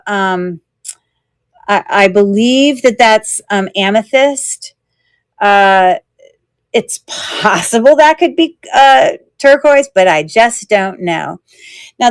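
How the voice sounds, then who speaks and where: A woman's voice: mid-range voice, no room sound. Chatty woman hosting a live jewelry auction. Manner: chatty and rambling, many fillers, quick self-corrections, laughs often. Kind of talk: casual live-selling chat.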